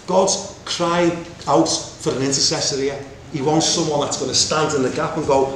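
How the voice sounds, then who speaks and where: A man preaching a Bible teaching, animated and acting out the voices in the story. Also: fairly high pitch, moderate pace, hardly any pauses. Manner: animated, acts out voices of God and Moses. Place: meeting room with congregation. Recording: echoey room with faint ambience.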